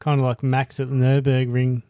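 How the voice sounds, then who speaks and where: A man co-hosting a podcast in casual chat, relaxed and a little hesitant, laughing easily. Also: medium pitch, normal speed, clear, resonant tone, no room sound, studio quality. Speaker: podcast co-host.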